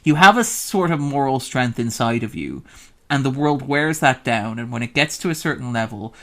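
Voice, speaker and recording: A man's voice: mid-range voice, animated, moderate pace, sharp tone. Analytical man discussing at length. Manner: analytical and long-winded, with frequent "like" fillers. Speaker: podcast guest. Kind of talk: casual podcast discussion.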